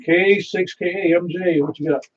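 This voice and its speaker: A man's voice: high-pitched, steady tone, normal speed, husky. A man acting as net control for an amateur radio net, reading out announcements in a rambling, folksy way and repeating details to confirm them. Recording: slightly dull sound with faint hiss.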